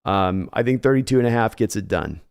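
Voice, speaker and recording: Joking, animated male sports host. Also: on the low side, a little fast, gravelly, clean tone. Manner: joking, animated, thanks viewers by name. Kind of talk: casual livestream chat.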